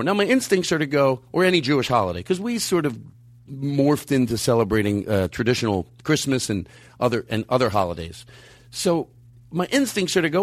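A man hosting a podcast in casual chat, rambling and animated, jumping his voice up high when he quotes people. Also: brisk, no echo. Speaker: podcast host. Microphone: studio mic.

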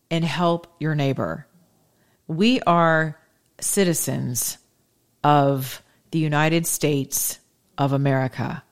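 A woman hosting her show, giving an emphatic, folksy, preachy monologue. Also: sits low. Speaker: show host. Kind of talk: impassioned casual monologue.

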